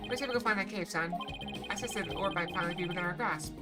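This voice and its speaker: A woman's voice: lowish voice, fast talker, loud music behind the voice, lightly acted. A woman reading the lines of a hearty older male adventurer who keeps calling the hero son.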